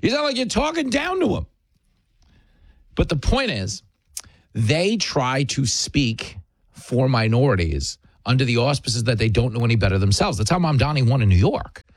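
A male talk radio host delivers an opinionated monologue with emphatic, sarcastic punches. His voice sits at an ordinary pitch, and it sounds dry and close to the mic. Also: no echo.

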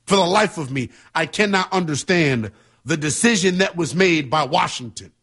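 Sports talk host, male, husky voice, emphatic and heated. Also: a little high, lively intonation, normal speed, a bit bright. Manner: passionate, emphatic, conversational.

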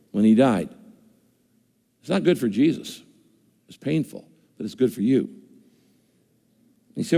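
A man's voice: mid-range voice, gravelly, mellow, husky. An older man preaching a sermon in a conversational way, voicing listeners' objections as he goes. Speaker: pastor. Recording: long reverb of a large hall.

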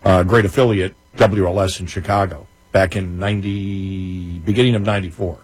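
A man co-hosting a late-night talk radio show, telling personal stories in casual, animated chat with many restarts. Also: low voice, brisk, husky, no echo, poor audio.

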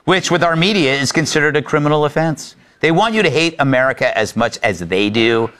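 A man's voice: on the high side, animated, brisk, a bit bright. A man hosting a talk show, delivering sarcastic, mocking commentary. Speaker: host.

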